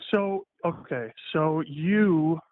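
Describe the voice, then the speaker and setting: A man's voice: a little high, extremely slow. A man calling into a political show, combative and repetitive, swearing as he argues, heard over a phone line. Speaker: caller. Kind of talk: heated phone-in argument.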